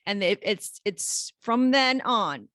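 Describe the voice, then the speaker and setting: A woman's voice: medium pitch, lively intonation, slow, a bit bright, dry recording. A woman in her forties co-hosting a podcast in casual chat, frank and rambling, swearing freely. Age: 40s. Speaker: podcast co-host.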